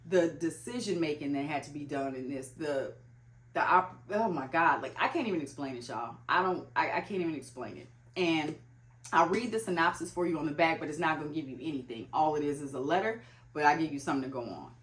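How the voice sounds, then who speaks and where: Young woman vlogging about books, low voice, says like a lot, roomy echo. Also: a little fast. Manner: chatty, full of "like" fillers. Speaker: book vlogger. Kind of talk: casual chat. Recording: echoey room.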